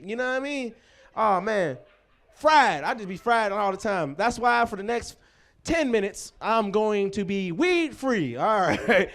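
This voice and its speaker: A man's voice: high voice, very animated, moderate pace, a bit bright. A man hosting a live comedy show, telling loose, profane stories and working the crowd. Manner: loose, profane, rambling storytelling with crowd work.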